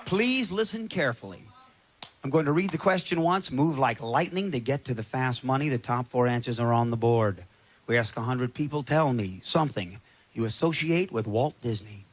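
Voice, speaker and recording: A man hosting a television game show, joking and reading survey questions briskly. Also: medium pitch, lively intonation. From Kentucky. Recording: old TV broadcast with loud studio audience. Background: studio audience noise.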